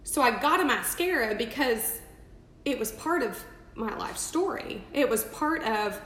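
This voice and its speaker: A woman's voice: high voice, lively intonation, measured pace, a bit bright, roomy sound, rough recording. A woman, rambling and emphatic in a casual live video, full of restarts and "like". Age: 30s. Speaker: makeup seller on a live video. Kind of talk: casual live-stream talk.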